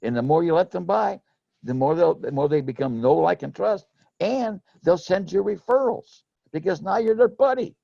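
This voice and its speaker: A man's voice: sits high, expressive, moderate pace, vocal fry, no room sound, lo-fi sound. A middle-aged man telling rambling, folksy stories about selling insurance, with lots of restarts. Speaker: former insurance sales manager telling sales stories. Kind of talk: casual storytelling chat.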